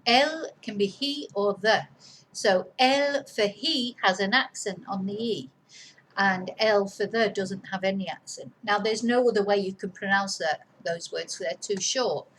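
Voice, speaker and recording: A woman's voice: medium pitch, a little slow, fairly bright tone, slight background noise, poor audio. A woman, a Spanish teacher giving a chatty, rambling lesson and often correcting herself mid-sentence. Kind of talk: casual explanatory lesson.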